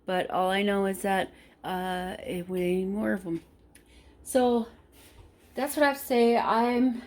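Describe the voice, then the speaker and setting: A woman's voice: mid-range voice, a little slow. A woman vlogging casually from her kitchen at home, chatty and rambling, correcting herself as she goes. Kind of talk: casual vlog chat.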